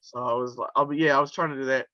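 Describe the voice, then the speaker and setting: A man's voice: mid-range voice, steady tone, racing, highs cut off, a loud crowd. A male wrestler from New telling stories in a casual interview, chatty and laughing through his anecdotes with plenty of fillers. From New Zealand.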